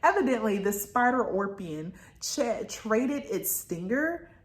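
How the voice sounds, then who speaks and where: A woman's voice: on the high side, sing-song, slow pace. Chatty woman rambling about a book. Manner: rambling and chatty, with many fillers and asides. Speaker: book reviewer. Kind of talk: casual book review chat. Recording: roomy echo.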